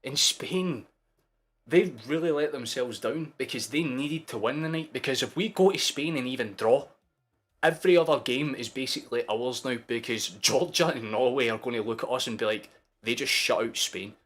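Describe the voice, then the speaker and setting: Excitable young Scottish man, sweary. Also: medium pitch, normal speed. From Scotland. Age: 20s. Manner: excitable, sweary, shouting at big moments. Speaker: streamer hosting a match watchalong. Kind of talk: live football watchalong commentary.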